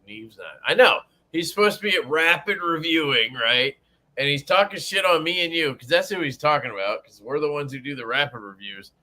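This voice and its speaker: Profane, lively young man streaming. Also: on the high side, fairly quick. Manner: profane, joking, greets chat viewers. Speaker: livestream host. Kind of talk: casual livestream chat.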